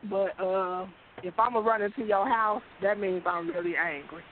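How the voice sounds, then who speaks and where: A woman's voice: mid-range voice, moderate pace, slight background noise. A woman co-hosting a radio show in casual chat, laid-back with murmured agreement. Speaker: radio co-host. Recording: phone-like narrow band.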